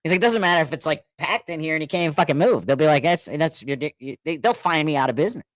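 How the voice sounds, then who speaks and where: Animated storytelling man, dry close mic. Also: a little high, fast talker, no room sound. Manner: animated, laughing, repeats words, acts out quotes. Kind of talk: casual storytelling.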